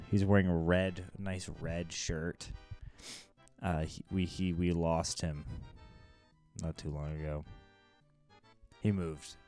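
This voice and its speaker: A man's voice: sits low, smooth. A young man giving casual, blunt, self-critical commentary on his own old stand-up set.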